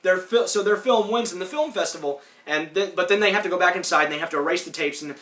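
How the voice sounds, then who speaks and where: Podcast host, man, tense bright tone, casual rambling recap. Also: sits high, fast talker, hardly any pauses, echoey room, far from the mic. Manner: rambling, acts out lines in put-on voices. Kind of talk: casual recap of a cartoon episode.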